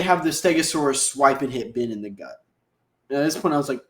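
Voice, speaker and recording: A podcast host gives a loose, slangy recap of an episode, jumping into the characters' lines as he goes. His voice sits at a middle pitch. The room around him is echoey. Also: animated, brisk.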